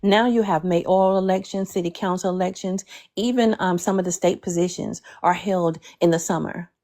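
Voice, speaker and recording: A woman speaks to a group on a call in a measured, persuasive way, with some hesitations. Her voice is gravelly and mellow. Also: lowish voice, fairly even intonation. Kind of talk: speech to a group.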